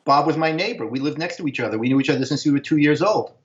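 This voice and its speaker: A man, casually telling animated stories, and he sometimes acts out voices in a high, excited tone. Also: very fast. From Brooklyn, New York. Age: 60s. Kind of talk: casual storytelling. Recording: echoey, dull video call audio.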